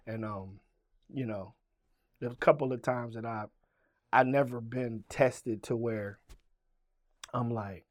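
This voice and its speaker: A man's voice: medium pitch, fairly even intonation, slow pace, pauses often. A middle-aged man from Richmond, Virginia, a rapper as an interview guest, telling a story full of swearing and acting out both sides of every conversation. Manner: profane, acts out both sides of dialogue. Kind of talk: animated storytelling.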